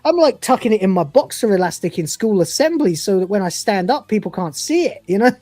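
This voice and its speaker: A man's voice: high-pitched, very animated, brisk, a little mellow, no room sound. Crude, laughing man in his forties. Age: 40s. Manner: crude, swearing, laughing often. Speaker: podcast co-host reviewing episodes. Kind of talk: casual live review chat.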